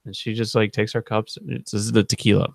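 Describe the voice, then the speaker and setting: Low gravelly dude rambling through a story on his vlog, dry close sound. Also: level tone, fast, dry recording. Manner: rambling, laid-back, full of fillers. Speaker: channel co-host.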